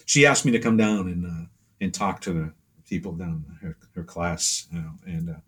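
A man's voice: sits low, moderate pace, fairly bright tone, husky. A man chatting casually as an interview guest, rambling through stories with many fillers and acting out other people's lines. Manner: rambling storyteller, many fillers, acts out quotes. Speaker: pastel artist guest.

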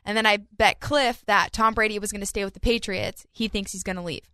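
A woman's voice: medium pitch, fairly even intonation, brisk, bright, forceful tone, smooth, dry recording, studio quality. A young woman co-hosting a podcast, chatting casually and telling stories with acted-out quotes. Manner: chatty storyteller, acts out quotes of family. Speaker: podcast co-host. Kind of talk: casual chat.

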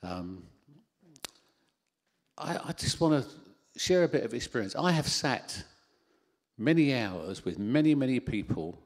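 A man preaching a sermon into a handheld microphone in a church hall, animated, with self-deprecating asides. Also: mid-range voice, a little slow.

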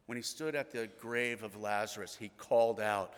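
A man's voice: on the low side, normal speed, few pauses, clear, resonant tone. Earnest preacher man, hall reverb. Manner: earnest storytelling, drops to hushed tones. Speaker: pastor. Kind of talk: sermon.

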